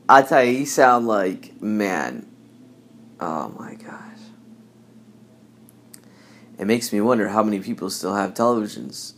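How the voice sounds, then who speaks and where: Male podcast host, rambling and laid-back, slow, drawn-out pace. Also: fairly low pitch, a bit bright. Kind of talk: casual podcast monologue.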